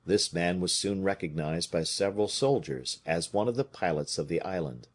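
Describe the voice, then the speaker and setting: Husky, deep-voiced male audiobook narrator. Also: expressive, normal speed. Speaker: audiobook reader. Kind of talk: audiobook narration of a classic novel.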